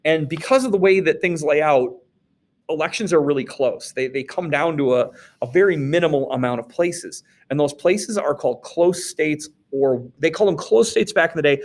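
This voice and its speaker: In a recorded recap lecture, a Wisconsin teacher goes over the day's lesson casually, joking on the side and often asking "okay?" His voice is on the high side, at a moderate pace.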